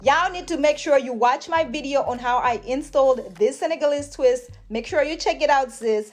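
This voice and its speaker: A woman's voice: high-pitched, normal speed, hardly any pauses. A woman chatting through a hair tutorial in a hyper, gushing way, calling her viewers honey and sis. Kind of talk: casual tutorial chat.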